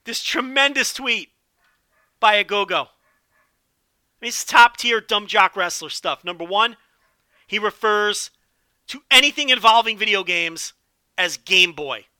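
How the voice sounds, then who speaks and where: A man hosting a solo podcast with animated, profane, joking commentary. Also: sits high, a little slow, long pauses, clear, resonant tone, no room sound, studio quality. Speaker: podcast host.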